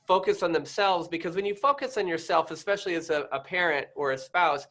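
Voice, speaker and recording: A man guest who is a doctor, chatting casually in a rambling, halting way with many restarts. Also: high voice, a bit bright. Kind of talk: casual interview chat.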